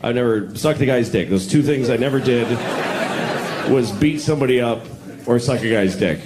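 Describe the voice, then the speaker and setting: A man in his forties doing a stand-up routine, deadpan and self-deprecating, acting out other voices. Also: medium pitch, normal speed, background noise. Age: 40s. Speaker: stand-up comedian. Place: stage before a laughing audience.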